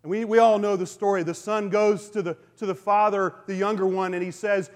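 High-voiced man preaching in a reverberant hall. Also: steady tone, a little fast, hardly any pauses. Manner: earnest storytelling with frequent restarts. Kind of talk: sermon. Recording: long reverb of a large hall.

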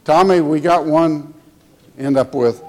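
A man delivers a heartfelt sermon at an unhurried, deliberate pace, his voice a touch higher than most. He speaks with tender emotion to his congregation. The sound carries a long echo through the church hall. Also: a little hiss or hum. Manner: slow, emotional, tender preaching. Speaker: preacher. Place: church sanctuary.

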